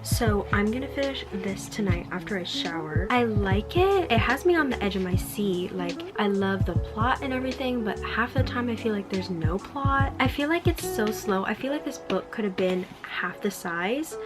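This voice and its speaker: A woman's voice: mid-range voice, animated, normal speed, hardly any pauses. A young woman talking casually in a vlog diary, chatty and full of "like". She speaks at home into a phone or camera. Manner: chatty, says "like" often. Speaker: book vlogger. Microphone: camera or phone nearby. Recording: music playing behind.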